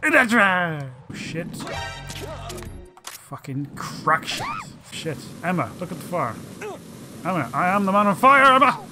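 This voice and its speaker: A man's voice: sits high, sing-song, unhurried, long pauses, music in the background. A man doing let's play commentary, swearing and mock-dramatically teasing the game's characters.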